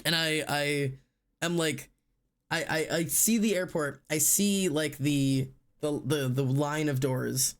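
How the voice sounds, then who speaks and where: A man streaming live tells a story in loose, casual chat, his voice sitting a little high for a man. He rambles with plenty of fillers and restarts, and he slips into the voices of the people in his story. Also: fairly even intonation, slow. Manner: rambling, filler-heavy, acts out quotes.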